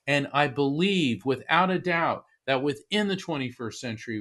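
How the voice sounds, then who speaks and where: Earnest man retelling a personal story. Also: mid-range voice. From Florida. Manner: earnest, animated retelling with many restarts. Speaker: medium and author, interview guest. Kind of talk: storytelling in a conversational interview.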